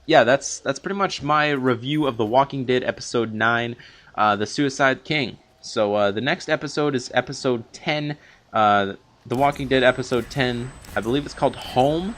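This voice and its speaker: This young man speaks in a mid-range, fairly bright voice at a normal speed. His TV episode recap is long, loose and unscripted, full of fillers and do-overs, and he sounds somewhat winded from talking so long.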